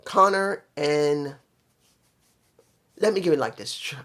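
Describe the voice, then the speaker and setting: A man's voice: a little high, takes it slowly, a bit bright. A man giving a casual solo review of a wrestling show, opinionated and thinking aloud with fillers and restarts.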